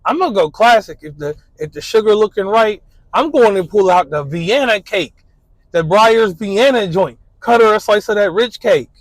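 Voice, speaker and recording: A man with a fairly high voice tells a relaxed, slangy story in casual monologue. He leans on fillers and loose street talk. The recording is close and dry, with no room sound. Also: moderate pace, dry recording, low-quality recording. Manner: laid-back, slangy storytelling with frequent fillers. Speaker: guest describing his ideal date.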